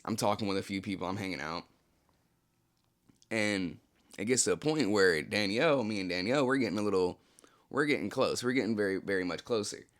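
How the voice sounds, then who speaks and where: Laid-back young man with a low voice. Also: brisk. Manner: laid-back, slangy, full of "like, you know" fillers. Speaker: channel host telling a story. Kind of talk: casual storytime narration.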